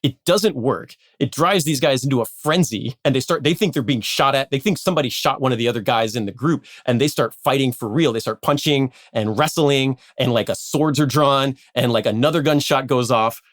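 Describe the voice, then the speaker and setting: A man casually telling a history story on a podcast, animated, acting out quotes and laughing often. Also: medium pitch, a little fast, few pauses, no room sound, clean studio sound.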